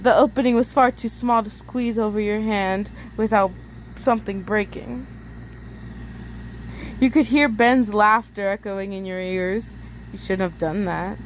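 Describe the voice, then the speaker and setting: A woman's voice: mid-range voice, steady tone, measured pace, a little hiss or hum. A young woman reading second-person fan fiction aloud in a casual way, stumbling and laughing at her own slips. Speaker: story reader.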